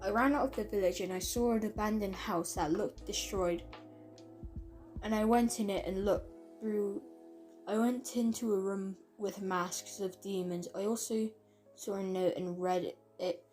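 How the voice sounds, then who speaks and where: A woman's voice: medium pitch, steady tone, a little slow, a little mellow, faint music behind. Woman casually reading a fan story aloud. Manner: stumbling, self-correcting reading with asides. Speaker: reader of fan fiction.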